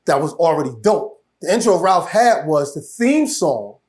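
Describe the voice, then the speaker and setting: A man, a guest telling a story in casual talk, animated and laughing, with many restarts. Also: on the high side, moderate pace.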